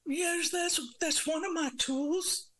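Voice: very high voice, steady tone, slow pace, fairly bright tone, full character voice. A performer voicing a coy mystery guest who claims to be a psychic, in a muffled, distorted-sounding voice of unclear sex that dodges every question. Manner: evasive, coy answers.

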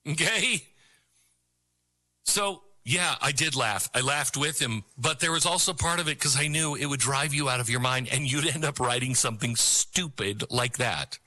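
A man's voice: mid-range voice, normal speed, sharp tone. A middle-aged man hosting a political talk show, giving an opinionated monologue in a mocking tone, laughing often and repeating phrases for emphasis.

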